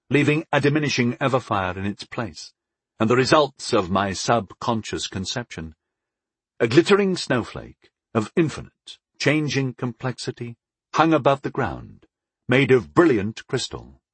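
A man reading a first-person fantasy audiobook with a husky, slightly breathy voice at a middle pitch. His delivery is measured and even, and the recording is dry and close with no room sound. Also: no echo. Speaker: audiobook narrator.

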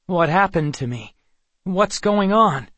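A man's voice: mid-range voice, expressive, a little slow, slightly rough, dry recording. A man reading an audiobook, voicing a confused young teenage boy who has lost his memory and keeps asking questions. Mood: bewildered. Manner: bewildered questioning. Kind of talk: audiobook character voice.

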